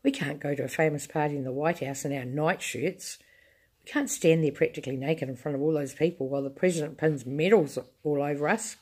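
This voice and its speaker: A woman's voice: brisk, darkish tone, slightly rough. A woman voicing a fretful, wailing old grandmother in a storybook reading. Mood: indignant. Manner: shrill, wailing complaints.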